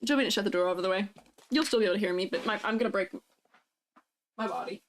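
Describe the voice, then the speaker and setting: A woman's voice: medium pitch, fast talker, slight background noise. A young woman streaming casually, playful, laughing often and answering chat. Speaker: vtuber streamer.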